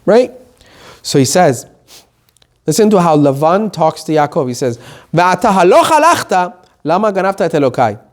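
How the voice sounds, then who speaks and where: A rabbi giving an animated Torah lesson, reading quotes and explaining them in plain English. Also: male voice, sits high, moderate pace.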